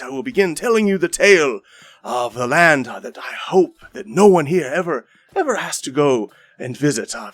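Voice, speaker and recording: A man's voice: medium pitch, no room sound, close to an everyday voice. A man voicing a showy male magician storyteller who speaks in flowery, dramatic showman phrases.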